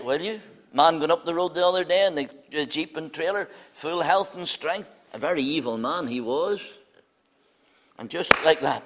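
A middle-aged man preaching an evangelistic sermon, fervent, swinging from loud appeals to hushed low lines. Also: lively intonation, moderate pace.

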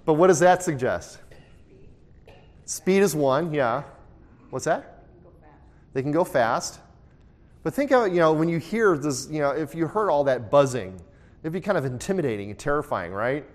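A man leading a Bible study as teacher reads scripture aloud in a raised voice, asks his group questions, and echoes their answers. His voice is a little high and darkish in tone, animated, at normal speed with long pauses.

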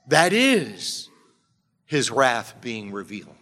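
A man preaching a sermon as pastor, emphatic, swinging between quiet, low passages and loud, urgent appeals. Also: a little slow, long pauses. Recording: long hall reverb.

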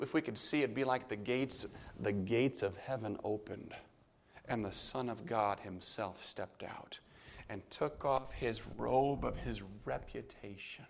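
A man preaching a sermon as a pastor, telling a personal story with strong emotion, dropping to hushed tones and rising to loud outbursts. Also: on the low side, gravelly, slight background noise.

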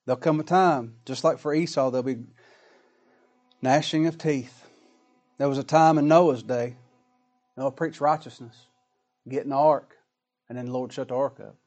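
Country-style preacher guy, kinda high pitched, folksy and dramatic. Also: darkish tone. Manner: folksy, dramatic sermon delivery with colloquial grammar. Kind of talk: sermon.

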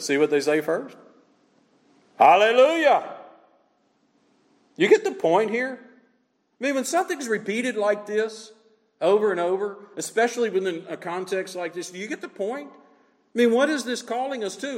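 A man preaching an expository sermon, emphatic and animated, rising to shouts of praise. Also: high voice, normal speed. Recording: long reverb of a large hall.

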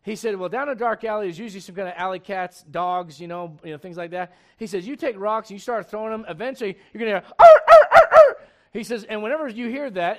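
A man preaching a sermon as pastor, with animated, loud emphasis and scripture read aloud. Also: high voice.

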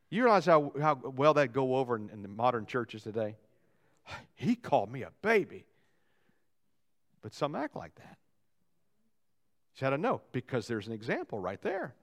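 A pastor preaching a sermon in a church, with folksy jokes and asides to the congregation and a delivery that swings from loud to quiet. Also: male voice, fairly high pitch. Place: church sanctuary.

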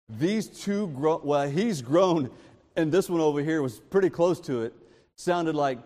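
A man preaching a sermon in an informal, animated storytelling way from a church sanctuary. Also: a little high, a little slow. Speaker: pastor. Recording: long reverb of a large hall.

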